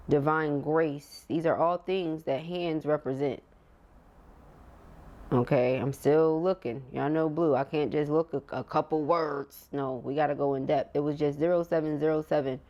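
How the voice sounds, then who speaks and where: A woman's voice: low voice, darkish tone. A woman giving a casual tarot reading to camera, chatty and emotional, laughing often and talking straight to her viewers, with features. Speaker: tarot reader.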